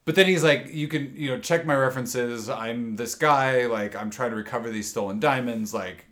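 A man's voice: medium pitch, moderate pace, a bit bright. A man co-hosting a casual podcast, retelling a TV episode in a laid-back way with amused asides. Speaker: podcast co-host. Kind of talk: casual chat recapping a TV episode.

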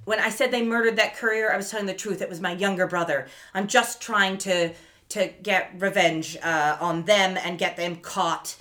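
In a mid-range voice at a moderate pace, a woman recaps a TV episode as a podcast co-host. Chatting casually, she voices the characters' lines, laughing a lot and swearing freely as she tells it with animation.

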